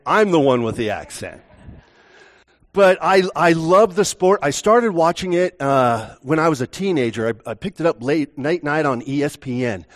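A male pastor opening a sermon in a church, joking and chatting with the congregation before the teaching. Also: on the high side. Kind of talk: relaxed sermon with banter.

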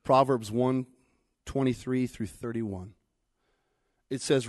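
A man's voice: medium pitch, measured pace, dry recording. Conversational male preacher, dry close sound. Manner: conversational, dramatic shifts between loud and hushed. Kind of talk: sermon.

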